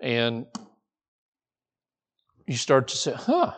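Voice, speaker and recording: A man's voice: medium pitch, expressive, normal speed, fairly bright tone. A man preaching a sermon, acting out the quoted voices with frequent restarts. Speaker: pastor.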